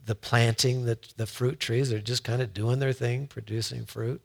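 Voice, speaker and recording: A man's voice: medium pitch, fairly even intonation, moderate pace, vocal fry. A man giving a conversational sermon in a folksy way, often repeating words as he builds a point. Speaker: preacher.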